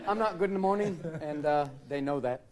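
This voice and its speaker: A man's voice: on the high side, fairly quick. A man in his forties riffing comically as a talk show guest, breaking into silly voices. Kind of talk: comedic talk show chat. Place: TV studio with live audience. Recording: loud audience laughter and studio noise.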